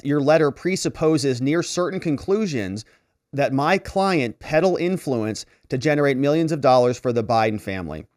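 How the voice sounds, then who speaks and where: A lawyer doing casual commentary sarcastically reads out letters, using mocking voices to paraphrase them. His mid-range, darkish voice has lively intonation and a moderate pace. The sound is studio quality with no echo.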